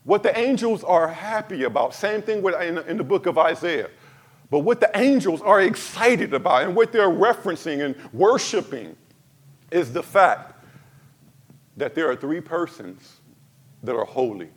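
High-voiced fervent male preacher. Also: expressive, moderate pace. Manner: preaching with rising fervor, dropping to soft emphatic lines; addresses the congregation directly. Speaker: pastor. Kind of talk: sermon.

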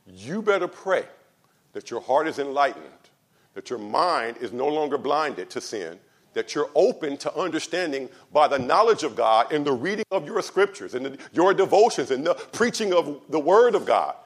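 A male pastor preaching a sermon, calling out to the congregation, building to loud, drawn-out passion and then dropping low and quiet. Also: very animated. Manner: calls out to the congregation.

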